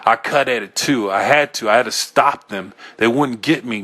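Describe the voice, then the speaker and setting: A man reading a first-person horror story aloud, in a tense, halting way with small self-corrections. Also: mid-range voice, sharp tone. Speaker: audiobook reader.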